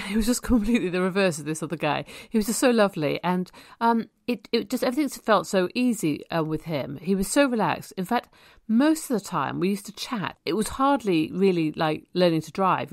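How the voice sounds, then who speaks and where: A woman, a pharmacist, telling a personal story in a chatty way with many ums and soft laughs. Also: lowish voice, no echo, studio quality.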